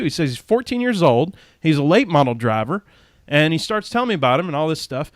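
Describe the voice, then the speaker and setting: A man's voice: fairly high pitch, animated, brisk, no echo, clean studio sound. A man who hosts a podcast, telling a rambling, folksy story and laughing often. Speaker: podcast host.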